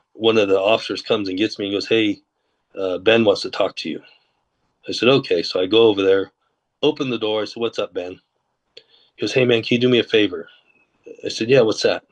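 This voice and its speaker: A man, a former corrections and undercover officer, telling a long story in a podcast interview and acting out the dialogue. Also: on the low side. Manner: relaxed anecdotal telling, acts out quoted dialogue.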